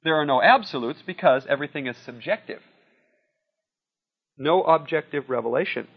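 A man preaching in a relaxed, conversational way who keeps checking in with his listeners. His voice sits a little high and has a gravelly edge, and the recording sounds dull and lo-fi. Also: moderate pace. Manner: conversational, often asks "See?" and "Okay?". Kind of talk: sermon with personal anecdotes. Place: room with a live audience.

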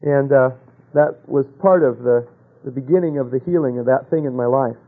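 Man preaching a sermon, storytelling, rhetorical questions, husky voice, tinny phone-band sound. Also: mid-range voice, normal speed. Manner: storytelling, asks rhetorical questions, drops to a hush for quoted voices.

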